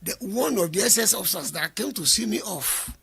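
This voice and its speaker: A man gives an interview, recounting events by quoting his own exchanges and insisting on his side. His voice sits high and bright, with a gravelly, husky edge. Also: animated, a little fast. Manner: quotes himself and others in dialogue, insistent denials. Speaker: interview guest. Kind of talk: recounting a story in conversation.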